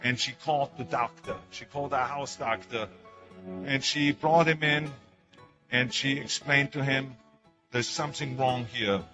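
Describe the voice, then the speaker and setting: A man's voice: mid-range voice, steady tone, unhurried, music in the background. An older man with an Austrian German accent, whose first language is German, giving an emphatic motivational speech full of stories. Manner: storytelling, emphatic, with acted quotes. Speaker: public speaker.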